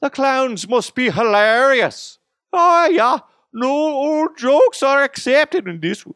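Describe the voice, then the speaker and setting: A man voicing an excitable male circus recruiter with an exaggerated put-on Irish accent and a high, shrill, sing-song delivery. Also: slow pace, clean tone, no room sound, studio quality, full character voice.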